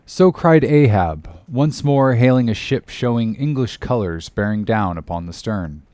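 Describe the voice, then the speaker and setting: A man narrates a novel in measured storytelling. His pitch moves in a lively way over a mid male register. The recording is dry and close. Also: no room sound. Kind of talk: audiobook narration.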